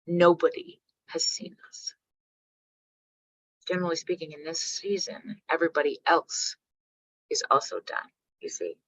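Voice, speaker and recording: A woman from Canada giving a workshop talk, telling stories with animated, salty language and checking in with her audience. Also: low voice, gravelly, no echo. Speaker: workshop speaker. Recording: dull lo-fi dry sound.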